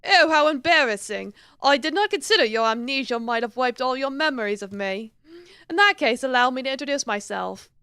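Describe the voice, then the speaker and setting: A woman's voice: high voice, expressive, brisk, bright, forceful tone, smooth, no room sound, studio quality, heavily acted. A woman putting on a polished, sly male professor. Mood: courteous, sly. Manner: formal, polite, mock-British put-on accent. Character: courteous sly male professor-detective, lecturer.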